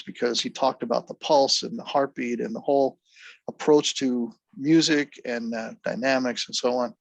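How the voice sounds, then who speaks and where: A man, a drummer guest, telling stories in a relaxed, even-keeled way during a casual interview. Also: medium pitch, vocal fry, no room sound. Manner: laid-back, even-keeled storyteller.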